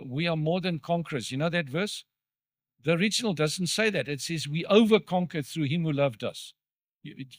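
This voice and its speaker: A man's voice: on the high side, fairly bright tone, dry recording. A man preaching a sermon in church, talking conversationally and asking the congregation questions. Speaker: pastor.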